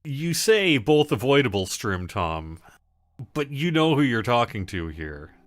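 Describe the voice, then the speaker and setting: A man's voice: mid-range voice, big pitch swings, a little slow, no echo. A man hosting a casual gaming livestream, chatting loosely and answering viewer questions as he plays. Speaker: livestream host.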